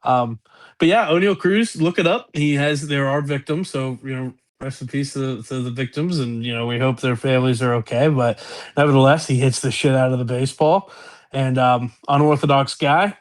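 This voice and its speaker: A man's voice: mid-range voice, normal speed. A man with a Pittsburgh accent co-hosting a sports podcast, talking in rambling, profane, laughing banter. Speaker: podcast co-host. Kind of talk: casual sports chat.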